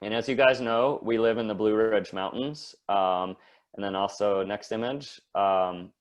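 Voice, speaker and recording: A man's voice: fairly low pitch, unhurried. A man giving a casual slide talk as a guest artist, rambling with many fillers and restarts.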